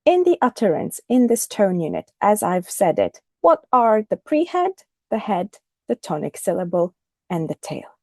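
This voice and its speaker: A woman teaching a recorded lesson, speaking clearly and deliberately and modelling the intonation of example phrases. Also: medium pitch, big pitch swings, a little mellow, dry recording, studio quality. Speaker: English teacher.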